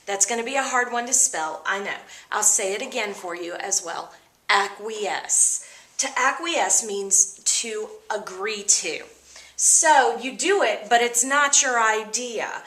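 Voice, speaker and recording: Bright-voiced woman teacher, echoey room. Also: fairly high pitch, measured pace. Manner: expressive, upbeat explanations. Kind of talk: vocabulary lesson.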